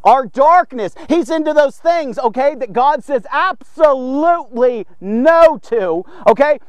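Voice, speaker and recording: A man's voice: extremely high pitch, lively intonation, unhurried, dry recording. A man giving an emphatic devotional sermon, often stopping to check in with his listeners. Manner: emphatic, keeps checking in with "okay?" and "watch this". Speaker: devotional preacher.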